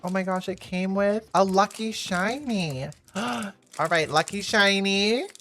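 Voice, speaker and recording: A woman's voice: medium pitch, slow, fairly bright tone, a little hiss or hum. A woman reacting to a gift in a clip, breathless and gushing with many gasps. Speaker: content creator.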